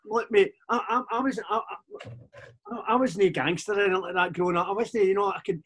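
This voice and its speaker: Glaswegian man, forties, rambling casual chat, slightly high pitch, many restarts. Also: fast, a bit bright. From Scotland. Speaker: podcast guest, DJ.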